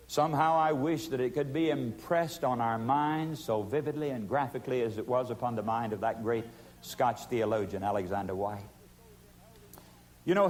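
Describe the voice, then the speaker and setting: A man preaching a sermon, pleading with emphatic force and then dropping to hushed tones. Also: mid-range voice.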